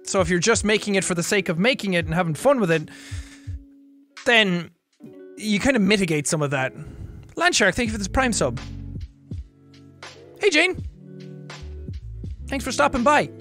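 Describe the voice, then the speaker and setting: Lively Irish man chatting on stream. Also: high-pitched, soft background music. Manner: animated, quick asides, laughs between remarks. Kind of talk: casual livestream chat reading viewer messages. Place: home recording room.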